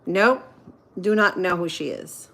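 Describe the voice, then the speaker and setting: A woman in her thirties from Central Florida, chatting casually with viewers on a livestream while she cooks, with pauses and fillers as she thinks aloud. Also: lowish voice, vocal fry, fairly bright tone. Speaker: livestream host. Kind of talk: casual live-stream chat while cooking.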